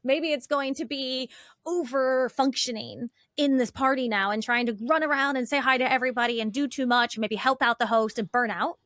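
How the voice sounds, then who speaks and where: A woman relationship coach, a guest in an interview, talking in an animated, chatty way with lots of "like" and "right?". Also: sits high, moderate pace, no echo, studio quality. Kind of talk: conversational interview.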